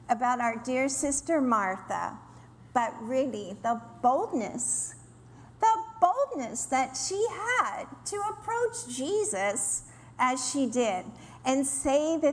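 High-voiced woman preaching slowly in a hall. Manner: earnest, acts out quoted complaints in lively voices. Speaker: women's ministry speaker. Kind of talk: sermon. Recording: roomy hall with faint ambience.

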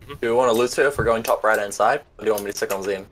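Low-voiced young gamer planning plays. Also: male voice, racing, fairly bright tone, slight background noise. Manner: plans and counts down plays. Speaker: esports player. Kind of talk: casual team voice chat.

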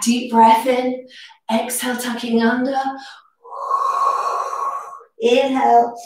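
Young female pilates teacher, high voice, slightly out of breath, heard from across a very reverberant room. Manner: breath-cued, encouraging counting. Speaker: pilates instructor. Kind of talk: guided workout instruction. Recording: echoey room, distant mic.

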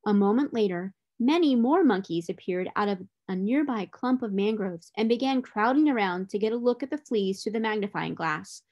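Woman, tutor, storybook read-aloud, clear, expressive, medium pitch. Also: moderate pace, few pauses, muffled recording.

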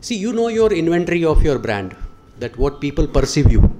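A man with an Indian accent speaks to a hall audience in a motivational lecture. He tells stories and fires questions at the listeners, in a voice that sits a little high for a man. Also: very animated, a little fast, noisy background. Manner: storytelling, questions the audience directly. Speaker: guest speaker.

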